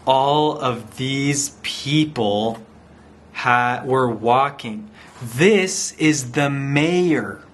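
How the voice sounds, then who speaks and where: This man's voice sits on the high side with a fairly bright tone. He teaches a language by reading a picture story aloud slowly, repeating simple phrases and acting out the sounds for learners.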